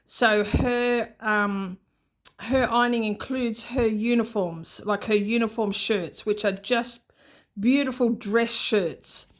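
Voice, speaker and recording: An Australian woman talks to camera in a casual, unscripted vlog. Her voice sits a little high, and she rambles along with restarts and small asides. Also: takes it slowly. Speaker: budgeting vlogger.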